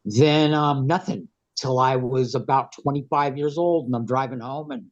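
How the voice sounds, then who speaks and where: A man's voice: medium pitch, normal speed. A man with a head cold, a podcast guest telling his story in a plain-spoken, rambling way. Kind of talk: casual storytelling. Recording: dull, lo-fi sound.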